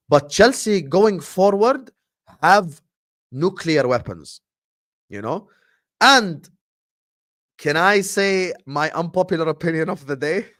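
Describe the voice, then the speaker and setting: A young man hosting a casual football livestream, animated and teasing, swinging between loud bursts and hushed asides. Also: a little high, dry recording, studio quality. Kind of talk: casual fan livestream rant.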